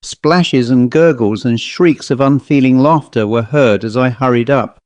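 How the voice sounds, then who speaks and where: A man reading a ghost story at a measured, storytelling pace. His voice sits at a middling pitch, and the recording is dry and close with no room sound. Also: a little mellow, dry recording. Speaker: narrator. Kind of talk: audiobook narration of a ghost story.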